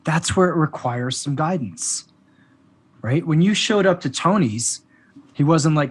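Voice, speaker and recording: A man talking as a guest on a podcast about men's work, an animated storyteller who often acts out the back-and-forth of conversations. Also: a little high, measured pace, husky.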